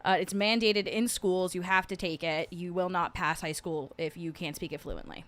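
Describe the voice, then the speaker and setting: A woman's voice: fairly low pitch, steady tone, normal speed, hardly any pauses, fairly bright tone. Sarcastic New woman streamer. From New Jersey. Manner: sarcastic, chatty, laughs often. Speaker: livestream host. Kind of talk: casual livestream chat. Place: at home.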